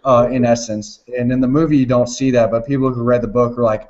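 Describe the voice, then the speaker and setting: A man's voice: mid-range voice, steady tone, fast talker, darkish tone, muffled recording. A man in casual chat who retells stories in a rambling way, swearing often and laughing as he goes.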